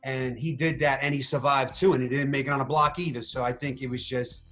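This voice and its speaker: A man in a casual interview, telling his story with animated energy, acting out what he said and thought. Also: mid-range voice, a little fast, soft background music. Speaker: reality show contestant interviewed.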